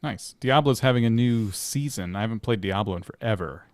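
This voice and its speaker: A man's voice: on the low side, brisk, no room sound. A man, an executive producer, chatting on a casual livestream with dry, wry humor.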